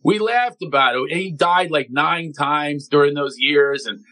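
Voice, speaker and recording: A comedian guest from Philadelphia, telling stories on a talk show and acting out other people's voices. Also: male voice, a little high, measured pace, low-quality recording. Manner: animated storyteller, acts out voices of others. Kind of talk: energetic talk show chat.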